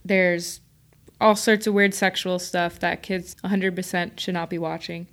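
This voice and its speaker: A woman co-hosting a podcast, chatting casually and explaining quickly with laughs. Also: fairly low pitch, little pitch movement, fairly bright tone. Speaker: podcast co-host.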